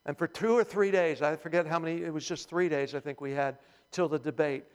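A man's voice: a little high, fairly quick, clear, resonant tone. A male pastor preaching a sermon, telling the story with animation and humor, in a church hall. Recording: long hall reverb.

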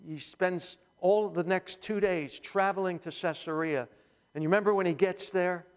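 A man's voice: high voice, fairly even intonation, normal speed, smooth. A male pastor preaching a sermon, telling the story with animation and humor, in a church hall. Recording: long hall reverb.

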